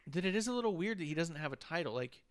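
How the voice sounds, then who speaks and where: A man's voice: on the high side, animated, racing. A man co-hosting a casual podcast, talkative and opinionated, putting questions to his co-hosts. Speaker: podcast co-host. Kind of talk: casual chat.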